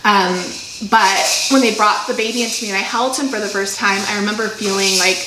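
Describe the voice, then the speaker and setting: Young woman host, emotional casual storytelling, a little hoarse, echoey room. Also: medium pitch, fairly even intonation, brisk, background noise. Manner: emotional, trying not to cry. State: frog in her throat. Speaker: podcast co-host. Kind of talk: casual chat.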